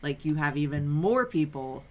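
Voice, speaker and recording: A woman co-hosting a casual livestream chat, relaxed and hesitant with lots of fillers. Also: deep voice, moderate pace. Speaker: co-host.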